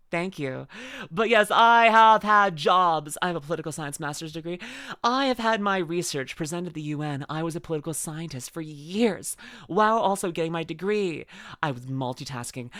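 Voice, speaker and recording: A woman's voice: lowish voice, sharp tone, no echo, clean studio sound. A young adult woman streamer chatting casually and playfully, often laughing as she reads chat aloud. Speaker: VTuber streamer.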